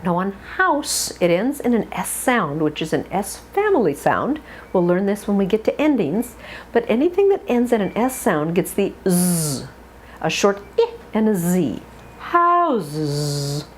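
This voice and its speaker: A woman teaching a pronunciation lesson, modeling long drawn-out words and giving short coaching tips. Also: mid-range voice, big pitch swings, slight background noise. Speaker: accent coach.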